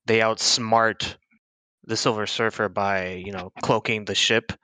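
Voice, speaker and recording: A man's voice: fairly low pitch, steady tone, measured pace, pushed and bright, smooth, no room sound. A man co-hosting a movie podcast, eagerly recounting scenes in casual chat. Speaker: podcast co-host.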